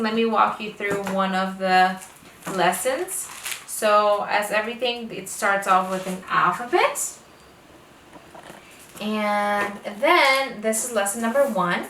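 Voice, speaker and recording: A woman with a bright, mid-range voice teaches phonics to the camera as a homeschooling parent, speaking slowly and deliberately and overdoing the letter sounds. The recording has some room echo, a slightly distant mic, and a faint hiss or hum.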